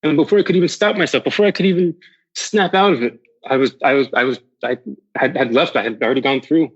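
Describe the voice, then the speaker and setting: A man's voice: on the high side, quick pace, husky, muffled recording. A man as a podcast guest candidly recounting a personal near-death story, swearing freely and often restarting his sentences.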